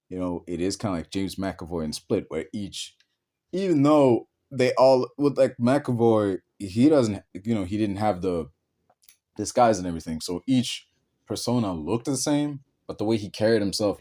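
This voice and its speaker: A man hosts a casual podcast about films. His voice sits a little low and sounds mellow and relaxed. He rambles, circling back on himself with plenty of fillers and restarts. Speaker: podcast host. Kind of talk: casual film talk.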